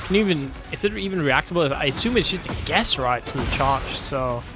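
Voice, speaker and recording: A man's voice: fairly high pitch, animated, brisk, music in the background. A man co-commentating a fighting game tournament, laid-back and often agreeing with short replies. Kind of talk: casual esports commentary.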